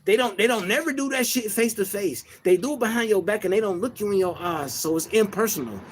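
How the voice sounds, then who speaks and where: Soft-spoken man, high-pitched. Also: quick pace, slight background noise. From Detroit. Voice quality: soft, even-toned. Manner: slangy, reflective, frequent filler phrases. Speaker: livestream host. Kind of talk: casual livestream monologue.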